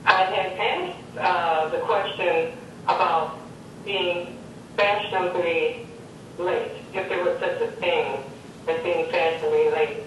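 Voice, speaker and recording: A woman appearing as a guest on a talk show, asking her question slowly and deliberately with some hesitation. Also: fairly even intonation. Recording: very echoey, distant, faint rumble.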